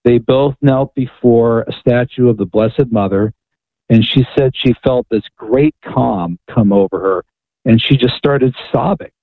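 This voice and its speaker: Calling in by phone over a tinny line, a male author appearing as a radio guest eagerly tells a story, frequently asking "right?" to check in. His medium-pitched voice keeps a measured pace, with no room sound.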